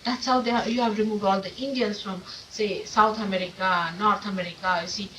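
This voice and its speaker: A woman's mid-range, slightly bright voice stays steady in tone as she speaks fairly quickly. As a spiritual teacher in an ashram meeting room, she gives followers an informal, emphatic talk laced with rhetorical questions, recorded on old 1979 tape from a distant mic with faint hiss.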